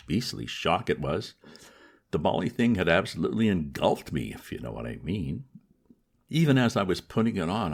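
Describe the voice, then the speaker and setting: A man reading a comic novel aloud as narrator, in a lively storytelling manner. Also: low voice, breathy edge. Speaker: audiobook reader. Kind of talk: scripted narration.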